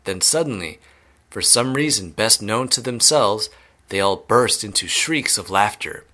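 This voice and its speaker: A man reading a children's novel aloud clearly and steadily, as an English teacher. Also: on the low side, animated, unhurried, bright, forceful tone.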